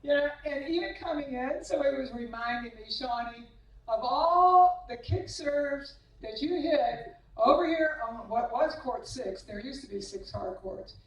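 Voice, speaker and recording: A woman's voice: high-pitched, animated, unhurried. A woman tennis coach giving a humorous banquet speech, teasing former players with anecdotes and acting out their voices. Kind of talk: humorous after-dinner speech. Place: banquet hall at a club. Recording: echoey banquet hall, mic from a distance.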